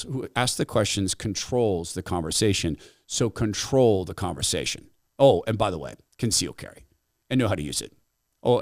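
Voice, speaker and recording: A man's voice: lowish voice, dry recording. A middle-aged male talk-show host telling a personal story with plenty of asides. His voice rises and falls a lot, and the mic sound is dry and close. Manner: animated, conversational, with asides. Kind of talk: storytelling commentary.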